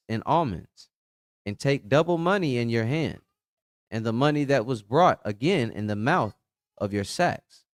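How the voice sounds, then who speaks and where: A man reading archaic scripture aloud in a steady, plain way during a Bible study. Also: mid-range voice, dry recording, clean studio sound.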